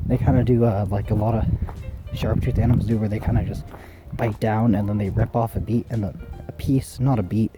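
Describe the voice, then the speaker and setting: A man's voice: on the low side, fairly even intonation, a little fast, rough recording. A man walking outdoors and rambling through a silly, meandering improvised monologue as a special guest. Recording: loud music playing over the voice.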